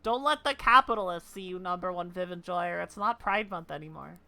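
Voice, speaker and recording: A woman's voice: lowish voice, a little fast, sharp tone. A woman livestreaming a game, chatting with her viewers and laughing easily. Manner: chatty, giggly, answers chat. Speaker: streamer. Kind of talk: casual live game stream. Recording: faint game music behind.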